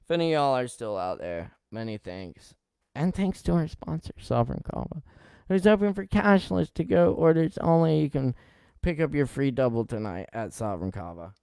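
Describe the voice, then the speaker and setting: A man hosting a live-streamed poetry open mic. He reads poems with loud, impassioned outbursts and talks in relaxed, quick asides between them. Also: mid-range voice, vocal fry, clear, resonant tone, no room sound, clean studio sound. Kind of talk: live-streamed poetry reading and host talk.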